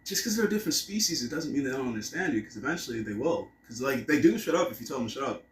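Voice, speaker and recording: A man's voice: medium pitch, animated, racing, recorded from a distance. Rambling, cursing man in an echoey room. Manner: rambling, profane, musing aloud. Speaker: vlogger. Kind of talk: casual vlog monologue. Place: room at home.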